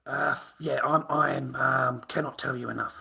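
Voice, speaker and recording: Excitable, swearing Australian man. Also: mid-range voice, moderate pace, vocal fry. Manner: profane, excitable storyteller who says "mate" a lot. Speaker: vlogger. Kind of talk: rambling anecdote.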